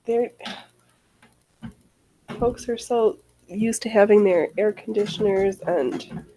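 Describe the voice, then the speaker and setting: Woman, livestream host, mellow tone, rambling casual chat, swears a lot. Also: medium pitch, takes it slowly, a little hiss or hum, rough recording. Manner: rambling, reacts to chat comments, swears freely.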